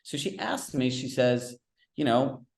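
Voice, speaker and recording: A man speaking as a real estate business coach in a live group coaching session, telling stories with quick asides in a direct, conversational way. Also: medium pitch, vocal fry, reverberant.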